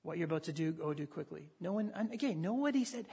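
Husky-voiced male pastor preaching conversationally. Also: a little high, quick pace. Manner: animated, conversational preaching with frequent restarts. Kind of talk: sermon.

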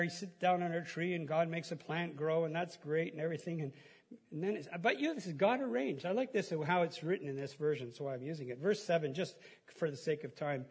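A middle-aged pastor preaches in a relaxed, folksy way, chuckling as he goes. His voice sits high and has a husky edge. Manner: chatty, folksy, laughs at own stories, many restarts. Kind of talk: casual conversational sermon.

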